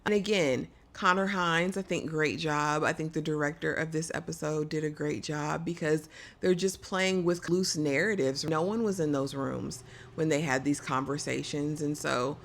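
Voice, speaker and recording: A woman's voice: sits low, fairly even intonation, moderate pace. A middle-aged woman, chatting emphatically through a casual TV episode recap. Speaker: vlogger.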